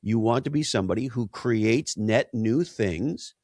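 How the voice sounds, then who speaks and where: A man's voice: mid-range voice, a little slow, a little mellow, dry recording, studio quality. Emphatic man full of rhetorical questions. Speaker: guest. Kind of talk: conversational interview.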